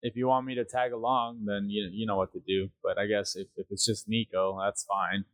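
A man's voice: fairly low pitch, little pitch movement, fairly quick, no room sound, low-quality recording. A man co-hosting a podcast in casual chat, rambling with many fillers and checking in with "right?". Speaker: podcast co-host.

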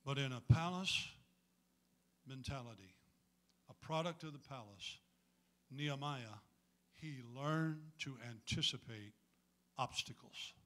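A man's voice: medium pitch, animated, measured pace, long pauses, fairly bright tone. A man preaching a sermon to a congregation in a folksy, humorous way, calling on them to answer back.

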